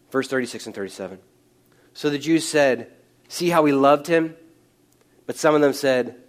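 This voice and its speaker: Speaking into a microphone, a male pastor delivers a sermon in a mid-range voice. His delivery alternates from pleading, loud outbursts to quiet, slow stretches.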